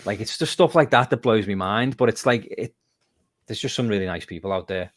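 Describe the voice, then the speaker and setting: A man's voice: on the low side, fairly quick, no room sound. A man from the UK, a guest musician telling stories in a casual interview. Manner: animated storyteller, lively and self-mocking.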